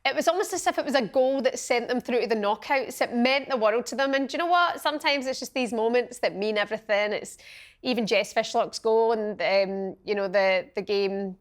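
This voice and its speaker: Woman podcast host, slightly high voice, chatty and excitable. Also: brisk. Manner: chatty, exclamatory, tells anecdotes. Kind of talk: casual chat.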